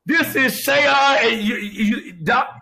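A male host with a high, bright-sitting voice talks with exuberant energy. He exclaims and laughs freely as he introduces his guests, in a loose, excited live-show style. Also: slow pace, gravelly, crowd noise, poor audio.

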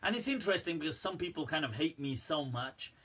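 Chatty man with a bright, husky voice. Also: a little high, lively intonation, fast talker. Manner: chatty, laughs at his own jokes, many fillers. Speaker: Islamic scholar and live-stream host. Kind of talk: casual religious talk, live stream. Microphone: front-facing phone or webcam.

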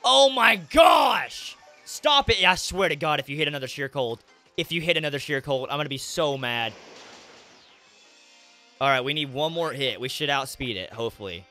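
A young man commentating his own game playthrough, excitable and emotional, swinging into loud frustrated outbursts. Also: medium pitch, brisk, soft background music. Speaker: gaming YouTuber. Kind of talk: Let's Play commentary. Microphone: webcam setup with headset or desk mic.

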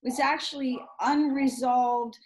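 High-voiced woman explaining energy healing. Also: steady tone, takes it slowly, rough recording. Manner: explanatory, keeps asking "right?". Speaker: host, medical intuitive healer. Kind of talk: interview, explaining.

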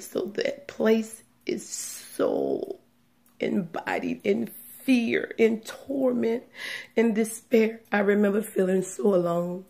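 A woman giving a personal religious testimony, speaking in a hushed, trembling way that often sinks into a whisper, close to tears. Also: medium pitch, vocal fry. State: tearful, on the verge of crying.

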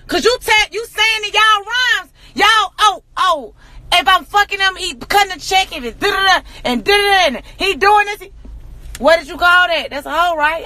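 A woman in an angry, profane rant to camera, hammering rhetorical questions and often shouting. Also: extremely high pitch, moderate pace. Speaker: social media personality.

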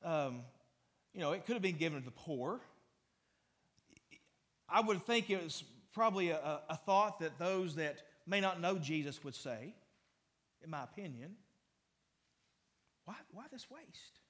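A man's voice: on the high side, animated, moderate pace, long pauses, a bit bright. A man pastor preaching a conversational sermon in a church, with frequent restarts and fillers. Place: church sanctuary.

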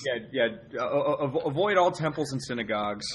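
Joking male co-host, lively voice. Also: mid-range voice, fast, crowd noise. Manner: joking, dry asides. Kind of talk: casual live-stream banter.

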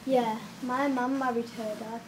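A teenage girl playing a quiet, mild-mannered teenage girl. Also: a little high, fairly even intonation, a little slow, a little hiss or hum, lightly acted. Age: teens. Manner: soft-spoken, mild. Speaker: amateur youth actor.

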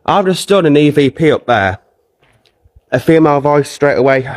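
A man's voice: fairly high pitch, lively intonation, normal speed, no room sound. Earnest man hosting a ghost hunt. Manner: earnest and coaxing toward the spirit, chatty with viewers. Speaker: ghost-hunting livestream host. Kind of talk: live paranormal investigation, talking to a spirit and viewers. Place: castle grounds. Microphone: handheld phone streaming live.

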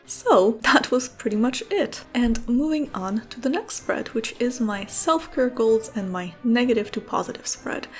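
A woman casually narrating a voice-over for her journaling vlog, easygoing and soft-spoken with frequent fillers. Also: a little high. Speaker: bullet journal vlogger.

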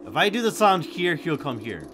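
A young man giving gameplay commentary, swinging from hushed muttering to loud, sweary shouting. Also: a little high, sing-song, moderate pace. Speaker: gaming YouTuber.

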